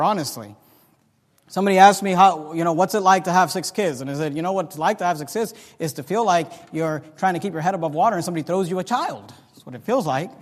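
Man, pastor, sermon, high voice, long church-hall reverb. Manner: preaching, swings from quiet talk to loud shouted emphasis. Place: church sanctuary.

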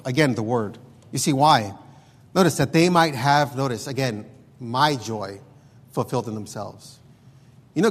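Male preacher, husky voice with a slightly high pitch, emphatic sermon delivery, long hall reverb. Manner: emphatic, repeats words, frequent "look".

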